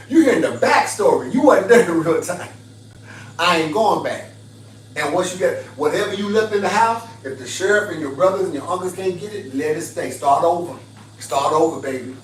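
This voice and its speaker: A man's voice: fairly high pitch, a little hiss or hum. Emphatic preachy man on a livestream. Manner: emphatic, preachy, repetitive, laughing asides. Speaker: livestream host. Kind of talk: livestream advice talk. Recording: roomy, distant mic, faint ambience.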